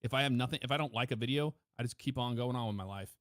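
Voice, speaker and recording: A self-assured man talks shop in a relaxed chat, sometimes rushing his words. His voice is close and dry, tight on a dynamic studio mic with no room around it. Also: medium pitch, no room sound. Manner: chatty, self-assured, talks fast in bursts. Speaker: guest streamer. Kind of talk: casual chat. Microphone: close dynamic mic with heavy EQ.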